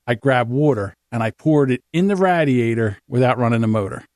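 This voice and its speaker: A man's voice: medium pitch, brisk, dry recording, studio quality. A middle-aged man co-hosting a podcast, telling rambling, profane stories in casual chat. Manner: animated storyteller, swears freely. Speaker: podcast co-host.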